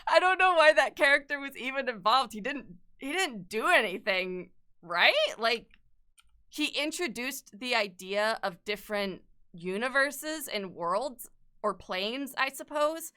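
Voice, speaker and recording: A woman's voice: on the high side, animated, a little slow, sharp tone, clean tone. A young woman chatting casually as an art streamer while she sketches, rambling, swearing a lot and laughing often.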